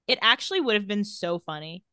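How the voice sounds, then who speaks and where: A woman's voice: mid-range voice, big pitch swings, a little fast, bright, forceful tone, clear, resonant tone, no room sound, studio quality. A woman casually recapping a TV episode and reading the characters' lines with light sarcasm. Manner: retells scenes and reads quotes with light sarcasm. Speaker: podcast co-host recapping a TV episode.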